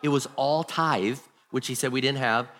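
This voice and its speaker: A male pastor with a mid-range, fairly bright voice preaches a sermon at a moderate pace, with a long reverb tail. He tells stories and acts out the people he quotes.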